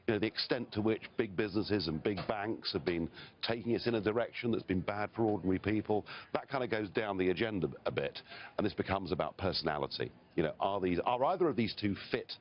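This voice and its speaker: A man's voice: fairly low pitch, fast, dull audio. A man from Britain, a political guest on a live TV interview, talking bluntly and emphatically with chuckles between points.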